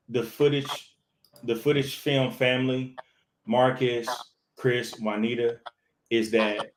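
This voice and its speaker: A man, an actor, talking casually in an interview, animated and full of restarts and fillers. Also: medium pitch, roomy sound, background noise. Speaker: actor, podcast guest.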